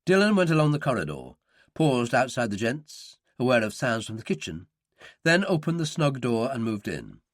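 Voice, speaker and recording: In a dry, echo-free studio recording, a male narrator works through a thriller audiobook at a moderate pace. He gives each character a distinct voice, using animated changes in pitch as he reads the script.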